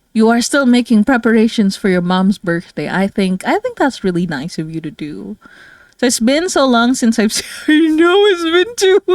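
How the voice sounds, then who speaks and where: A tired, low-energy woman from the Philippines chatting casually with her viewers as a streamer, rambling with many fillers and soft laughs. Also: no echo, studio quality. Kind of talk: casual livestream chat with viewers.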